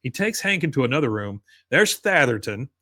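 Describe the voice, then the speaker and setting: A man's voice: medium pitch, sing-song, fairly quick, pushed and bright, no room sound, studio quality. Rambling man recapping a cartoon episode. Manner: rambling, loose narration with many fillers. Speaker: podcast host. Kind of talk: casual plot recap.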